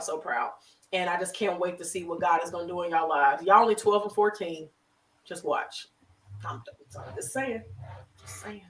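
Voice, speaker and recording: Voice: mid-range voice, a bit bright, roomy sound, distant mic, poor audio. A therapist hosting a show on a video call, speaking with effusive, emotional, faith-filled encouragement. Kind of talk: warm encouraging closing remarks on a live web show.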